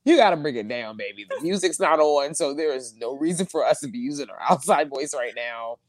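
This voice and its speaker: A woman co-hosting a podcast in casual, expressive chat. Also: low-pitched, no echo. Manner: animated, expressive, quick asides. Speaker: podcast co-host.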